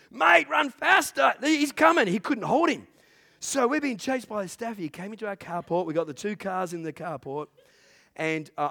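A man preaching a sermon to a congregation, who swings from loud, drawn-out preaching to hushed storytelling and laughs at his own jokes. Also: medium pitch. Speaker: pastor. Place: church in front of a congregation.

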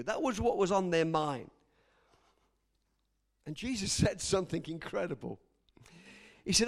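A man preaching a sermon, dramatic, swinging between shouts and hushed lines and acting out the people he quotes. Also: high voice, animated, a little slow, creaky, long pauses. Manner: acts out quoted voices.

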